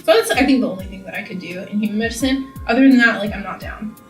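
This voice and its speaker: A woman's voice: medium pitch, quick pace, faint music behind. A young woman from California, chatting casually and rambling while doing her makeup, full of "like" and "you know.". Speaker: beauty vlogger. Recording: echoey room, camera mic from a distance.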